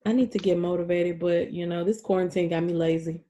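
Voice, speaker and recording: A young adult woman co-hosting a casual podcast chat, telling stories with lots of swearing and lively exclaiming. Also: fairly low pitch, a little fast. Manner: profane, animated storytelling. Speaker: podcast co-host.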